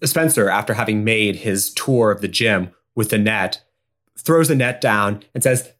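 A man's voice: fairly low pitch, a bit bright. Man narrating his tabletop character. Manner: quick, stumbling narration with restarts. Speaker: player.

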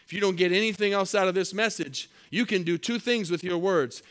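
A man preaching a sermon, reading scripture slowly and with emphasis, then telling a story in a conversational way. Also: sits high, a bit bright. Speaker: pastor.

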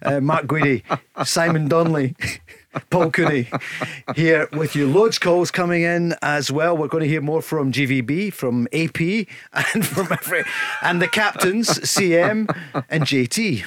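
A man hosting a radio football phone-in, chatty and quick to laugh, leading the talk. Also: on the high side, a bit bright. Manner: chatty, laughs easily, leads the conversation. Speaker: radio show host. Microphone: studio mic.

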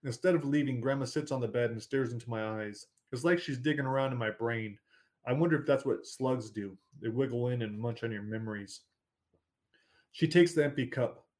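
In a steady, measured reading voice of medium pitch, a male audiobook narrator tells a story in the first person.

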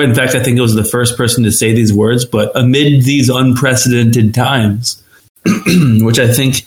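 Sarcastic rambling man in an echoey room. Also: medium pitch. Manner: rambling, sarcastic, laughing often. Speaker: podcast host. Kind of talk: casual profane commentary.

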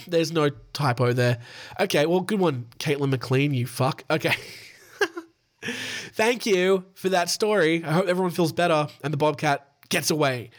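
A man's voice: fairly high pitch, fairly bright tone. A young Australian man hosting a podcast, reading news stories with sweary, laughing asides and sounding tired. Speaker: podcast host.

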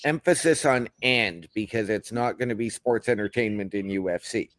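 A man's voice: on the low side, normal speed, a bit bright, no room sound. A man co-hosting a casual podcast, reading out news items and commenting on them. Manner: reads out announcement details, then comments. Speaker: podcast co-host.

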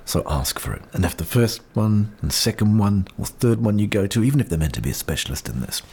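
A man's voice: fairly low pitch, animated, brisk, hardly any pauses, darkish tone, breathy edge. A middle-aged man with a New Zealand accent gives an earnest, encouraging personal monologue outdoors. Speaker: podcast host sharing personal experience. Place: outdoors in wind. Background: faint wind.

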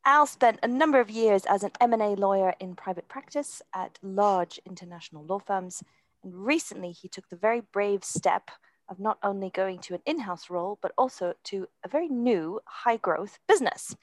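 A woman co-hosting a professional podcast, bright, friendly and chatty. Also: mid-range voice, normal speed, dry recording. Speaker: podcast co-host, lawyer.

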